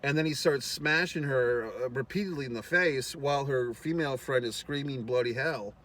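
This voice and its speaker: A man casually recapping a movie in a rambling, profane way, with lots of fillers and quick acted-out lines. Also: mid-range voice, fairly bright tone. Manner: acts out characters' lines in quick voices. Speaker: film reviewer.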